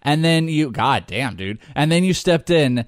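A man's voice: a little high, expressive, a little slow, dry recording, studio quality. A man co-hosting a casual sports podcast, teasing his friend, laughing a lot and swearing freely. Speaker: podcast co-host.

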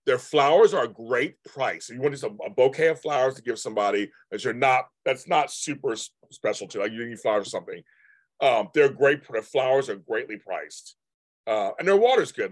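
A man's voice: medium pitch, dry recording. Chatty man hosting a live stream. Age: 50s. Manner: rambling, chatty, answers chat comments. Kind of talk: casual chat with live viewers.

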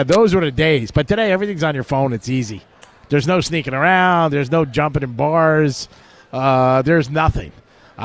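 A middle-aged man hosting sports betting talk radio, chatty and joking as he tells stories. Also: on the high side. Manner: chatty storytelling with jokes.

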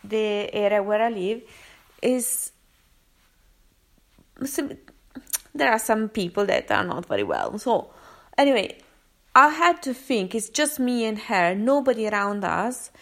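A woman vlogger telling a personal story in a casual, expressive way, with many fillers and restarts. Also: medium pitch, a little slow, gravelly, long pauses. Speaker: vlogger sharing a daily quote. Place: home area in London.

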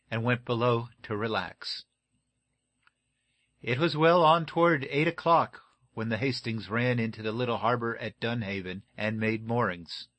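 A man reading an adventure audiobook in a steady, measured way. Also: mid-range voice, dry recording. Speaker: audiobook narrator. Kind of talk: scripted narration.

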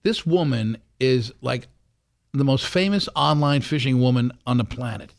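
A man's voice: medium pitch, moderate pace. A man hosting a radio show, chatting loosely and jokingly with plenty of fillers, on a studio microphone. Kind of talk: casual morning radio chat.

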